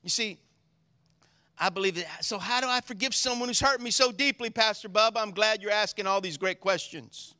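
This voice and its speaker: Speaking at a moderate pace with a voice that sits high, this man preaches as pastor. He shifts between hushed, solemn scripture reading and loud, fervent delivery, drawing listeners in through call-and-response.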